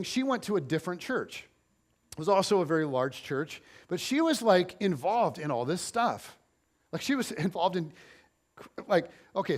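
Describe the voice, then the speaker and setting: A man in his forties preaching as a pastor, telling personal stories in a chatty, self-deprecating way with playful humor. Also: high-pitched. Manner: playful humor, animated storytelling. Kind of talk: conversational sermon with personal stories.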